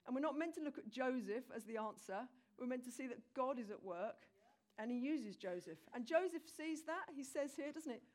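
A woman preaching a sermon, retelling a scripture story in a lively, conversational way and addressing the congregation directly. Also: high-pitched, moderate pace.

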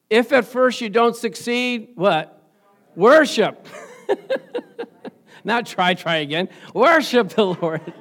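A high-pitched man delivers a sermon to his congregation, quizzing them and laughing often. He drops to quiet, confiding asides, then surges into loud, fervent emphasis. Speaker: pastor.

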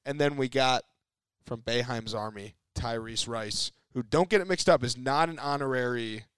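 A man co-hosting a podcast in energetic, talkative casual chat on a close mic. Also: medium pitch, normal speed, clean tone, no room sound. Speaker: podcast co-host.

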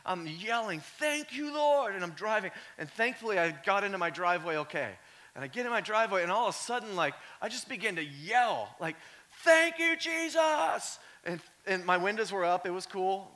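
A male pastor preaching a sermon in a conversational way, full of "like" fillers, moving from quiet storytelling up to shouting. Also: sits high, fairly quick.

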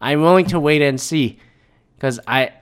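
A man's voice: a little high, normal speed, clean tone. A man in a casual political rant, rambling and profane, often repeating words as he restarts a thought.

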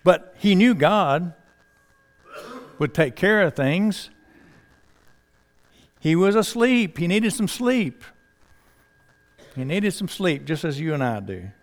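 A man's voice: sits high, sing-song, slow pace, pauses often. A man preaching a sermon in a conversational, folksy way, asking the congregation rhetorical questions.

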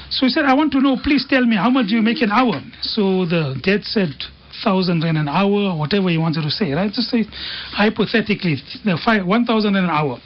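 On a radio show, a man with a high-sitting voice tells stories and quotes Arabic sayings in an earnest talk about faith and family. He speaks a little fast with few pauses, and the dull, dry studio recording carries a slight hiss or hum.

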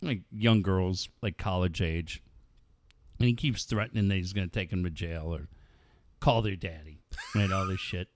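A man's voice: sits low, moderate pace. A man in casual chat, telling crude stories with lots of swearing and laughter. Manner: profane, animated storytelling with frequent laughs.

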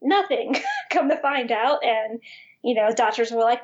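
A woman's voice: fairly high pitch, lively intonation, unhurried, muffled recording. Woman with a West Bank New Orleans accent. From West Bank of New Orleans, Louisiana. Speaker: guest. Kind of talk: casual podcast chat.

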